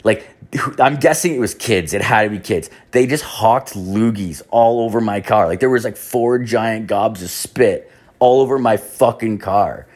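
A man's voice: lowish voice, a little slow, a little mellow. A young man telling a rambling, profane story in casual talk, with lots of "like". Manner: rambling, profane, heavy use of "like".

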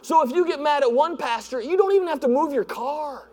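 A male pastor preaching in a church, animated and acting out voices with laughs. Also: extremely high pitch, fairly quick. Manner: animated, acts out voices, laughs at own jokes. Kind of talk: sermon. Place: church sanctuary. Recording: long hall reverb.

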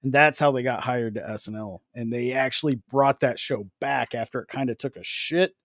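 A man's voice: medium pitch, a little fast, a bit bright, no echo, studio quality. Laid-back, crude-joking man on a podcast. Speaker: podcast co-host. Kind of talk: casual podcast chat.

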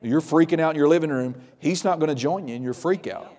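A man's voice: on the high side, quick pace, a little mellow. Man preaching in a reverberant hall. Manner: storytelling, acts out quoted voices, emphatic. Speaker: pastor. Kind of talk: sermon.

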